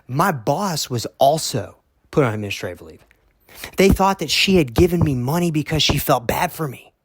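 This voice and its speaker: A man of ordinary pitch recounts his story in a casual, heated monologue, pressing his points with repeated "okay?" check-ins and restarts. He is blunt and drops a curse now and then. The recording is dry and close, with no room sound. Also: no room sound. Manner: emphatic, keeps asking "okay?", repeats himself. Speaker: vlogger telling his own story.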